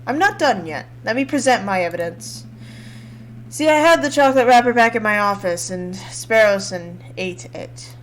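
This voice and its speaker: A woman voicing a flustered male bird defense lawyer, reading game dialogue in a low, hesitant, sheepish way. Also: animated, normal speed, lightly acted, poor audio.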